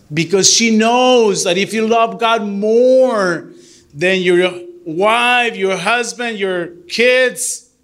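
A middle-aged man who is a deacon, giving an earnest, animated church talk to a group and mixing English with Spanish. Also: high voice.

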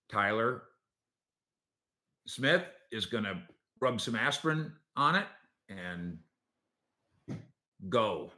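A man's voice: mid-range voice, sharp tone. A man in his fifties hosting a sports talk show, opinionated and jokey, often restarting his sentences.

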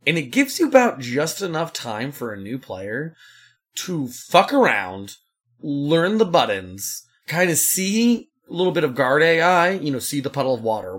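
A man co-hosts a casual podcast chat with a husky, slightly raspy voice. His pitch moves around a lot as he rambles loosely and cracks jokes. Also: big pitch swings, moderate pace, a bit bright. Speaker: podcast co-host.

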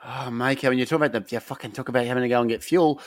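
A man's voice: medium pitch, fairly even intonation, very fast, no room sound, studio quality. An Australian man co-hosting a podcast, telling sweary, laid-back stories in casual banter. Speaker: podcast co-host.

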